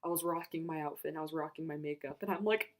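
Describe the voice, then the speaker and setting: A young woman excitedly recounting a story in a vlog, rambling and gushing. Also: sits low, fast talker. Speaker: vlogger.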